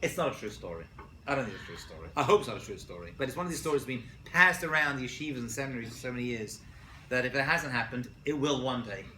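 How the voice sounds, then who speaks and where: Lively male rabbi lecturer, bright voice, echoey college room, jokes with the class. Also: medium pitch, very fast, a little hiss or hum. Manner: jokey, asks the class questions. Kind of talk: animated lecture with stories.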